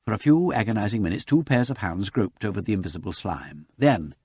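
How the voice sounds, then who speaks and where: A man reading a novel aloud as an audiobook narrator, with dramatic, lively narration. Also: fairly low pitch, fairly quick, breathy edge, no room sound, clean studio sound. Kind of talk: scripted narration.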